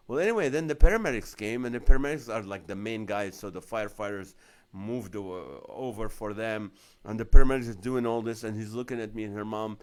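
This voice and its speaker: A middle-aged man, a comedian, hosting a casual live stream from home, telling rambling stories with jokes and frequent laughs. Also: on the low side. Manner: joking, laughs often, rambling asides. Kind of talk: casual storytelling chat.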